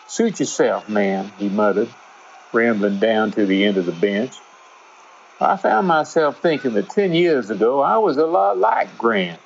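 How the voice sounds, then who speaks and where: A man narrating a first-person story in a relaxed, conversational way. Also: mid-range voice, gravelly, husky. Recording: dull lo-fi with faint music.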